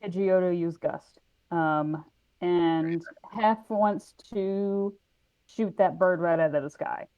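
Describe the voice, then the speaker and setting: A woman's voice: lowish voice, slow pace, no room sound. Playful woman on a dull dry mic. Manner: joking, playful. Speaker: player. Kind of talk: casual game chat.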